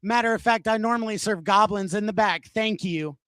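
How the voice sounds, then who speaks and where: A man's voice: sits high, a little fast, no echo. A man doing a brash, insulting woman cashier. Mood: mocking. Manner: loud, mocking insults.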